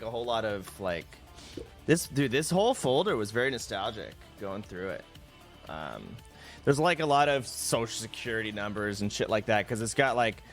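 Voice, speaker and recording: A man's voice: on the low side, fairly bright tone. Loose, profane young man streaming. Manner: loose, profane, laughs at himself. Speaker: livestreamer. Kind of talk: casual stream chat. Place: home streaming room, indoors.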